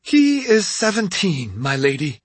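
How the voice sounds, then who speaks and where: Man doing a polite loyal retainer guy, formal, a bit higher than his own voice. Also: sing-song, a little slow, husky, no echo, heavily acted. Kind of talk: audiobook character voice.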